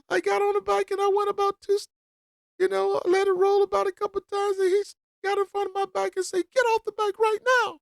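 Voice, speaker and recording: A woman's voice: gravelly, no echo. A woman putting on the voice of a whiny woman who wails fake tears over a bike. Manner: high-pitched fake wailing.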